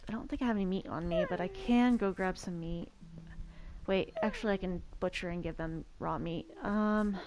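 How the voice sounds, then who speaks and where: A woman's voice: medium pitch, expressive, normal speed, darkish tone, slight background noise. A young woman streaming, chatting casually as she plays a survival game, telling a rambling story full of stammered restarts. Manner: rambling storyteller who stammers and repeats words. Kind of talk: casual chat while playing a survival game.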